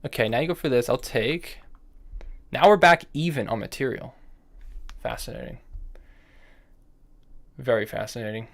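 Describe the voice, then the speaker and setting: A man's voice: medium pitch, normal speed, creaky, long pauses. A man streaming his own chess game, thinking aloud move by move in half-finished phrases, with bursts of nervous fretting and self-scolding. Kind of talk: live-streamed commentary while playing online chess.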